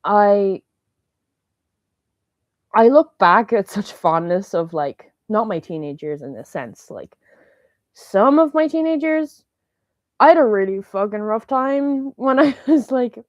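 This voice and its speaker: Rambling excitable young woman podcaster. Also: medium pitch, takes it slowly, pauses often, no room sound. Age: 20s. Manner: rambling, excitable, jumps into meme voices and laughs. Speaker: podcast host. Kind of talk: casual solo chat. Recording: dull lo-fi dry sound.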